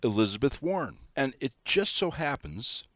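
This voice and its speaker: A man hosting opinionated news commentary, sarcastic and animated, talking straight to his listeners. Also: medium pitch, moderate pace, no echo, studio quality. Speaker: political commentary host.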